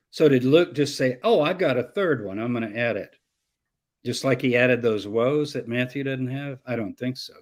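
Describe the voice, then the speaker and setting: Male professor, mid-pitched, lively explanatory lecturing. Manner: animated, explanatory lecturing with quoted voices. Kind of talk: teaching interview on scripture.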